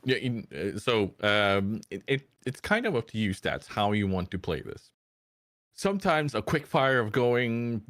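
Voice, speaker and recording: A man hosting a live stream, explaining game rules in casual, halting chat. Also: fairly low pitch, very animated, a bit bright, no room sound. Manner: chatty, halting with restarts. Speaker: streamer host.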